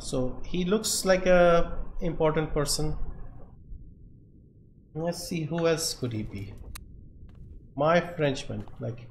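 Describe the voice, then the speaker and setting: Male streamer, unhurried, puzzles aloud and mutters to himself; roomy echo, faint hiss. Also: fairly high pitch. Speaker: game streamer. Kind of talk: live gameplay commentary. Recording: echoey room, faint background noise.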